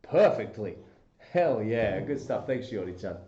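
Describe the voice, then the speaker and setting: A man hosting a casual livestream, chatting playfully with viewers and breaking into goofy squeaky bursts. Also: big pitch swings, measured pace, mellow, lo-fi sound. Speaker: livestream host. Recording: roomy echoey room.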